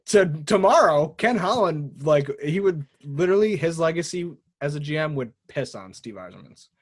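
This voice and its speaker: A man hosting a casual sports podcast, talking in an animated way with frequent laughs and mock impressions. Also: fairly high pitch, moderate pace. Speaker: podcast host.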